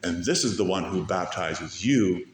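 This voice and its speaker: A man preaching a sermon, swinging between loud rising peaks and soft low passages, slowing way down to stretch key phrases. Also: reverberant, slight background noise. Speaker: pastor.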